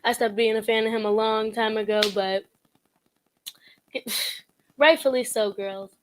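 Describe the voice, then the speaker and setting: A woman's voice: a little high, fairly even intonation, unhurried, slight background noise. A young woman vlogging casual commentary, sassy and blunt, laughing often as she mocks.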